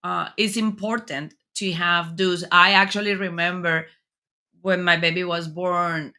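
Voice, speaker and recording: A woman hosting a talk show interview, speaking in an earnest, encouraging way with thoughtful, slightly halting phrasing. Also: lowish voice, steady tone, sharp tone.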